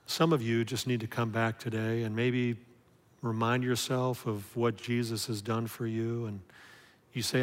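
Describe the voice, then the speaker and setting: A man preaching a sermon to his congregation, acting out a story's characters and moving from loud, lively telling to quiet, hushed appeals. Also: mid-range voice, unhurried. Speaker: pastor. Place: church sanctuary. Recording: long hall reverb.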